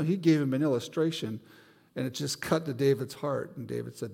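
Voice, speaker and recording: Animated male preacher in a reverberant hall. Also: a little high, fairly quick, creaky, husky. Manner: animated storyteller, acts out voices. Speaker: pastor. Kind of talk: sermon with personal story. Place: church sanctuary.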